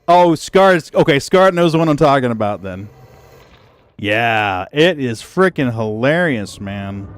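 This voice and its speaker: Chatty, smooth-voiced male streamer. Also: medium pitch, a little slow, dry recording. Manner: animated, profane storyteller who laughs easily. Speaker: gaming livestreamer. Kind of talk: casual chat with stream viewers.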